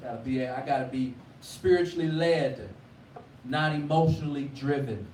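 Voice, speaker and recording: A man preaching a sermon with call-and-response, rising from quiet talk to loud cries. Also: medium pitch, moderate pace. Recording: echoey room, from far off, faint noise.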